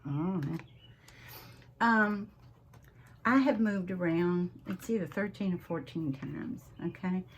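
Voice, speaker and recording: Southern lady chatting slow at her craft desk, lowish voice, chatty, laughs a lot. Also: a little hiss or hum. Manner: chatty, drawn-out, laughs often. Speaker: crafting channel host. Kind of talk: casual crafting vlog chat.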